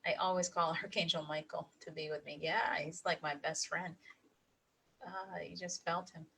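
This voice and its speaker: Middle-aged woman, low-ish voice, chatty spiritual livestream host, laughs a lot, faint room hum. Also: fairly even intonation, normal speed, vocal fry, poor audio. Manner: laughs often, warm encouraging tone. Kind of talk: casual livestream talk to viewers.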